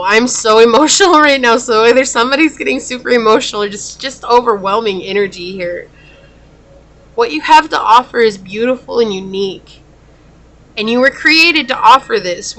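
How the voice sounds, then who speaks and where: A woman's voice: on the high side, fairly bright tone. A woman giving a pick-a-card tarot reading to her viewers, chatty and openly emotional, saying y'all as she talks. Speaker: tarot reader.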